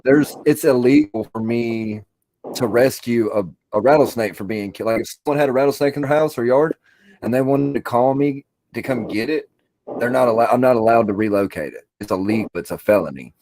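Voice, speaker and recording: A man's voice: medium pitch, a little fast, a little mellow, rough recording. A stoned man from Alabama, rambling and swearing through a casual podcast chat. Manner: rambling, profane, laid-back storytelling. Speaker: podcast co-host.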